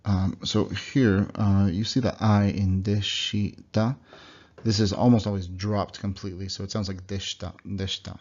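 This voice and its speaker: A young man giving a recorded slide lesson, explaining sounds and repeating example words slowly. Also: on the low side, little pitch movement, darkish tone. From United States. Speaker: language teacher. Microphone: computer mic. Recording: dull lo-fi computer recording.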